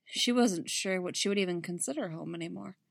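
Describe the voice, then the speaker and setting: A woman reading a story aloud in a quiet, measured way. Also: on the low side, vocal fry, no room sound, studio quality. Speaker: narrator. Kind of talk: audiobook reading.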